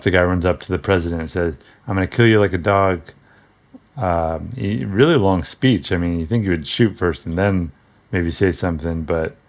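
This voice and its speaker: A man giving casual, rambling commentary on an old comic book, joking and chuckling, with frequent ums and self-corrections. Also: sits low.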